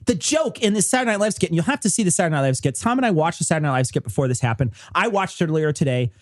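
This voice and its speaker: A man's voice: a little high, lively intonation, racing. A man co-hosting a podcast, mocking and swearing in casual comedic chat. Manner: profane, mocking. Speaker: podcast co-host.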